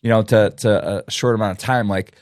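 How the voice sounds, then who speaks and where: A man's voice: lowish voice, fairly even intonation, a little fast, a little mellow. A middle-aged man, a teacher co-hosting a podcast, chatting casually and filling his talk with "like" and "you know.". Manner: chatty, with many fillers and repeated phrases. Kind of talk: casual chat.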